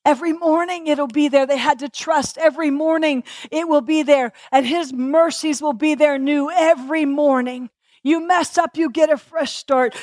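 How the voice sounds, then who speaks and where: A woman's voice: high voice, a little mellow, dry recording, studio quality. A woman preacher delivering a passionate sermon, repeating phrases and asking the congregation questions.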